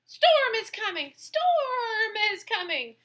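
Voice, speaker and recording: A woman's voice: extremely high pitch, very animated, slow, fairly bright tone, pitched above the performer's own voice, heavily acted. A woman voicing a timid, fearful flock of sheep in a storybook, stammering and fretful. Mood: alarmed.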